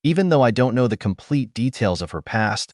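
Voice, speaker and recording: A man reading a first-person story aloud as scripted narration, in a steady, even-paced storytelling manner. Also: medium pitch, brisk, no echo, clean studio sound.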